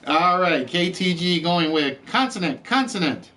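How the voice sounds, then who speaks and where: A man's voice: sits high, very animated, unhurried, a bit bright. Chatty man hosting a live word game. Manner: chatty, reads out letters and scores, jokes with players. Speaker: game show host.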